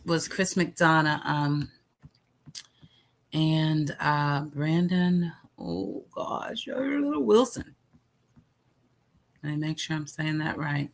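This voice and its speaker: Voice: mid-range voice, fairly bright tone. A livestream host in casual chat about a clip, talking to viewers by name. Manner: chatty, answers viewers by name.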